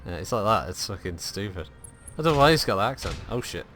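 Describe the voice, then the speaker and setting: Low-voiced male gamer, lively and sweary, riffing loosely over his play. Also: fast talker. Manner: chatty, swears, mocks voices. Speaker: gaming streamer. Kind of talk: casual gameplay commentary. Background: game music.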